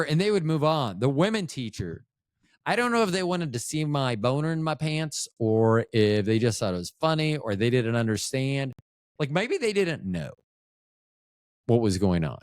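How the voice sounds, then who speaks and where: A man's voice: medium pitch, big pitch swings, normal speed, no room sound, clean studio sound. A man in his fifties, hosting a podcast, telling rambling, profane, self-mocking stories about his youth in a casual monologue. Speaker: podcast host.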